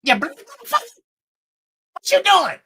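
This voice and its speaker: Man putting on a shrill, cursing old auntie. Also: wildly swooping pitch, normal speed, exaggerated voice. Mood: yelling. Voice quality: shrill, yelling. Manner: cursing, snapping. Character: mean, foul-mouthed elderly great-aunt.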